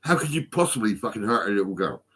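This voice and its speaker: A man's voice: fairly low pitch, sing-song, quick pace, a bit bright, husky. A stoned man rambling and swearing constantly into his phone for a vlog. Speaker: vlogger.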